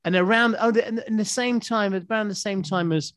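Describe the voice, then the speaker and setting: A man's voice: high voice, brisk, fairly bright tone, no room sound. A male singer chatting playfully as a guest over a video call, often slipping into humming and snatches of song. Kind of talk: casual chat on a video call.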